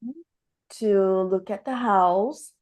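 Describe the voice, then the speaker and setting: A woman hosts a casual spiritual talk show, retelling experiences and acting out the dialogue as she goes. Her mid-range voice has a darkish tone, and she speaks slowly.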